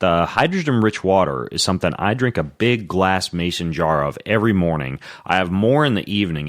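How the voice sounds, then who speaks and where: A man hosting a podcast, reading his intro and sponsor ads in an energetic, rapid-fire way, his speech slightly altered by new dental veneers. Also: low voice, no room sound, studio quality. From Washington state, US. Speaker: podcast host.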